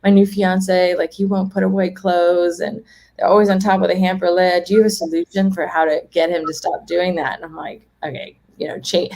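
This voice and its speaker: The guest, a woman who works in home organizing, talks openly in a relaxed interview, often laughing and imitating what others said. She has a lowish, darkish voice and speaks briskly with a flat delivery.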